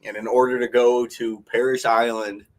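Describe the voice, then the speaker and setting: A man co-hosting a casual podcast in an everyday mid-pitched voice. He talks bluntly and crudely and swears without holding back. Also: level tone, normal speed, crowd noise. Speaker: podcast co-host. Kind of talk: casual chat.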